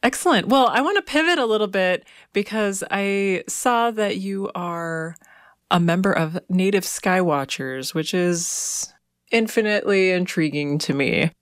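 A woman's voice: medium pitch, expressive, unhurried, dry recording, studio quality. A woman interviewer asking curious, friendly questions.

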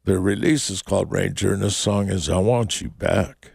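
A man working as a radio DJ, reading a weather forecast on air in unhurried, halting phrases from a studio microphone. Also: sits low, fairly even intonation, creaky.

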